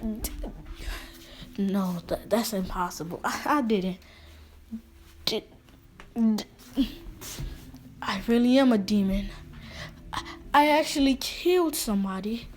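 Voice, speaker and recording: A woman voicing a brash young boy ninja who stammers when shaken and turns cocky when calm. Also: medium pitch, slow pace, long pauses, close to an everyday voice. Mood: shocked.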